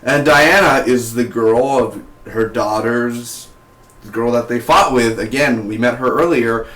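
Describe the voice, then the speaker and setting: Casual male reviewer, mid-pitched, loose rambling delivery, roomy echo. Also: measured pace, a bit bright. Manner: rambling, heavy on "like" and "you know". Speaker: TV series reviewer.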